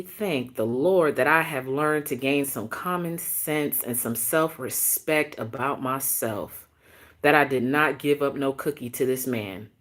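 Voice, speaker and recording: A woman in her thirties telling a dating story on a casual live stream, animated and emphatic, repeating phrases for effect. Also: a bass voice, a little slow.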